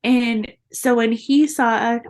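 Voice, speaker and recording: A woman's voice: fairly high pitch, fairly even intonation, takes it slowly, a little mellow. A young adult woman, a guest in an interview, earnestly telling a personal story and laughing often between the hard moments.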